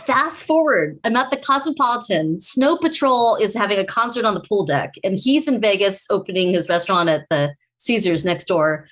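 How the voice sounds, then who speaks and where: Speaking at a normal pace with few pauses, this medium-pitched woman is a food-industry guest spinning a long story in relaxed chat. She brings it to life by performing the voices of the people she quotes.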